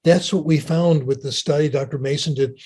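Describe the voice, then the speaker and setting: Husky older man lecturing. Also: on the high side, steady tone, a little fast, darkish tone. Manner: chatty, storytelling, keeps asking "okay?". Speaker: linguist giving a talk. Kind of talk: lecture with audience Q&A.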